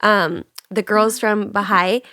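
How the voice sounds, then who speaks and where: A young woman co-hosting a podcast in casual chat, relaxed on a couch, her voice still a little sick. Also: mid-range voice, slow, no echo, studio quality. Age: young adult. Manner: chatty, laughs often, relaxed. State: slightly sick voice. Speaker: podcast co-host. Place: on a couch indoors.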